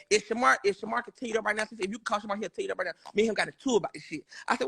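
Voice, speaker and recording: High-pitched, fast, gravelly man swearing oaths. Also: fairly bright tone. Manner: insistent, swears oaths repeatedly, profane. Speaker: live-stream guest. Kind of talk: heated live-stream argument.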